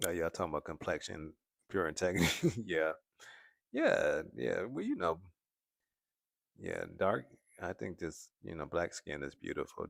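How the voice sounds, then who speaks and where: Brief: male stream host with a very low voice and a dry, close sound. Relaxed, musing, laughs a lot. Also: gravelly, no room sound. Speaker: commentary channel host. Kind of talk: casual livestream chat reading viewer comments. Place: home in California.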